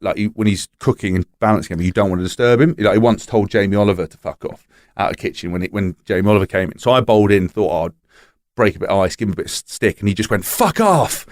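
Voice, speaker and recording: Man, casual guest, rattles off anecdotes quickly, dry sound. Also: fairly low pitch, dry recording. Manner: animated storyteller, swears freely, acts out quotes. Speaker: podcast guest telling anecdotes. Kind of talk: casual chat.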